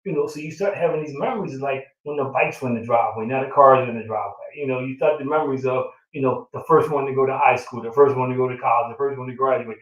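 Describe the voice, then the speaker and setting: A middle-aged man speaks as a proud father, reminiscing in a loose, emotional way with lots of fillers. His voice sits in a middle pitch. It sounds roomy and a bit distant from the mic. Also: fast talker, hardly any pauses, dull audio. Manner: reflective, emotional storytelling with many fillers. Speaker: father of the groom. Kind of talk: casual chat.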